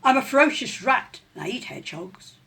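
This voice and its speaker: A woman voicing a boastful, hungry male rat who shouts his threats loudly, in a storybook reading. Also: high voice, animated, fairly quick, breathy edge, voice pushed up, heavily acted. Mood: indignant. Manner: loud, blustering boasts.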